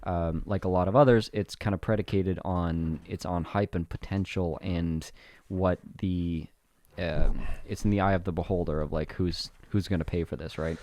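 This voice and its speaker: Young man from Canada, podcast co-host, low deep voice, relaxed teasing banter. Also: normal speed, no echo. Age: young adult. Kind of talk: casual chat.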